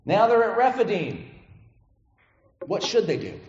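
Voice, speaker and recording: High-voiced pastor preaching conversationally. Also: male voice, sing-song, unhurried, a little mellow. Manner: conversational, keeps asking "right?". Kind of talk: sermon. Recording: echoey room, slightly dull sound.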